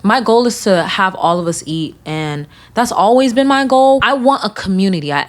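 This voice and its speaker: A young woman hosting a podcast, talking candidly late at night, swearing and rambling with restarts, emotional and holding back tears. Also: mid-range voice. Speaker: podcast host. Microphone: recording herself on camera.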